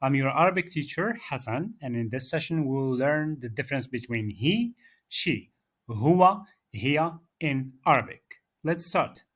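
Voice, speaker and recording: A man's voice: mid-range voice, animated, unhurried, fairly bright tone. A man teaching a beginner Arabic lesson, patiently saying words for the listener to repeat. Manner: patient, drills words for repetition. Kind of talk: slow beginner language lesson.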